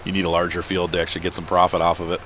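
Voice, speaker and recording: A man's voice: low-pitched, completely flat delivery, rapid-fire, fairly bright tone, a little hiss or hum. A man chatting casually as he plays a farming game at home, rambling and laughing often. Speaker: let's-play gamer. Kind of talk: casual gameplay commentary.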